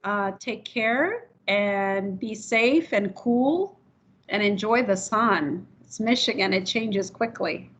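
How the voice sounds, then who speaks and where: A woman's voice: medium pitch, slow, fairly bright tone. A woman hosting a video call webinar, giving chatty, practical advice to puppy raisers. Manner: chatty, acts out people's voices when explaining. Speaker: puppy development staff host. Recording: muffled video call audio.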